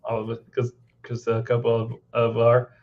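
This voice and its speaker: A man's voice: mid-range voice, completely flat delivery, normal speed, a little mellow. A man co-hosting a casual chat, rambling and circling back to repeat his words. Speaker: podcast co-host. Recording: dull lo-fi recording.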